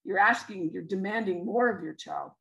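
Canadian woman, educator presenting a webinar, mid-range pitch, patient explanations full of fillers. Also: moderate pace, creaky, a bit bright, low-quality recording. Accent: Canadian English. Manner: explanatory, many fillers and restarts.

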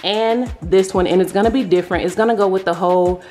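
A woman's voice: medium pitch, quick pace, faint music behind. A woman chatting casually in a family vlog, talking straight to viewers. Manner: animated, talks to viewers directly. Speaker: family vlogger.

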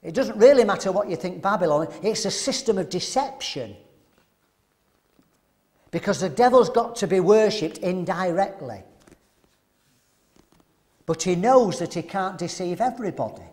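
A man preaching at a men's seminar, animated and throwing rhetorical questions to the audience. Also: high-pitched, normal speed, pauses often.

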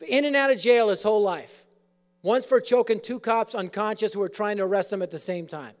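High-voiced preacher in an echoing hall. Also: male voice, fairly quick. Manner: humorous storytelling. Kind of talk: sermon. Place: auditorium. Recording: echoey auditorium.

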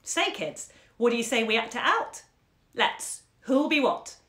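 A woman's voice: fairly high pitch, very animated, measured pace, a bit bright, pitched above the performer's own voice. A woman voicing a playful grown man who tells children a tall tale, jaunty and theatrical, in a roomy echo. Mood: eager.

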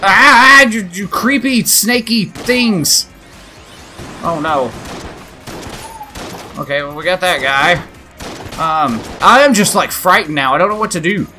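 A man narrates his gameplay in a bright, keen voice, swinging his pitch wildly as he reacts. He swears when things go wrong and cheers when they go right, in an excitable let's play style. Faint game music plays under him. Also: a little slow, pauses often. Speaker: gaming channel host.

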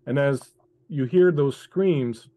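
A man acting as game master leisurely describes scenes to a player in the second person during an online tabletop session. His pitch is medium, and the audio sounds phone-quality with no echo.

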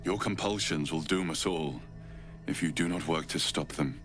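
A man's voice: extremely low pitch, moderate pace, fairly bright tone. An actor voicing a mysterious, protective young male guardian who speaks earnestly and reassuringly in video game dialogue. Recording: game music behind the voice.

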